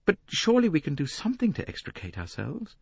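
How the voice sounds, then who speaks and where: A man's voice: a little high, wildly swooping pitch, fast talker, gravelly, husky, no room sound, voice pushed up, full character voice. A man reading an audiobook voices a proud, defensive rich young English woman, clipped and indignant. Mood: pleading.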